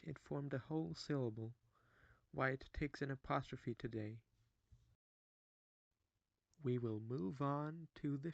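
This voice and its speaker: A man giving a scripted narration of language trivia in a measured, even explanatory delivery. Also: mid-range voice, gravelly, no echo, dull audio.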